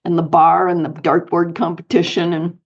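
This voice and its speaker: A middle-aged woman from Colorado, a guest telling animated anecdotes in an interview with light laughs. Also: on the low side, moderate pace, breathy edge, highs cut off. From United States, Colorado. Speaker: guest, author and speaker. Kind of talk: storytelling interview.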